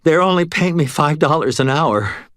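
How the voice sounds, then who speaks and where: Casting: a man playing a terrified young stoner clerk, high and whiny, begging in a storybook reading. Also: animated, moderate pace, a bit bright, dry recording, studio quality. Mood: pleading. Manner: high, pleading and frantic. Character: panicky stoned young male store cashier.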